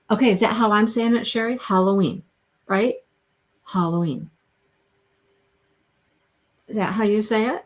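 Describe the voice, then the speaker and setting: A woman's voice: fairly high pitch, lively intonation, a little slow, long pauses. A middle-aged woman hosting a crochet livestream, chatting in a rambling way and laughing often as she works. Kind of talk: casual livestream chat while crocheting. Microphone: phone.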